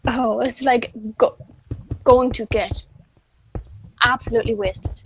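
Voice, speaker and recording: A woman's voice: a little high, steady tone, slow pace, slightly rough, poor audio. A woman chatting casually on a game stream, giggly and explaining slang. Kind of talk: casual chat.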